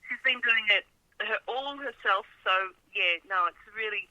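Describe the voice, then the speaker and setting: A woman's voice: mid-range voice, unhurried, sharp tone, no echo, lo-fi sound. A woman from Australia with an Australian accent, a guest singer in a casual radio interview, cheerful and giggly, repeating words as she thinks.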